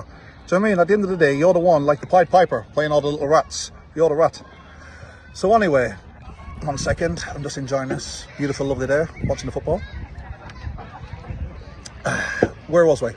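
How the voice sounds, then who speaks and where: A man from Manchester with a Manchester accent, a fight promoter recording a confrontational reply video outdoors and taunting with repeated "yeah?". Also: a little high. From Manchester, England. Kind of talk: direct-to-camera reply video. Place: outdoors, watching football.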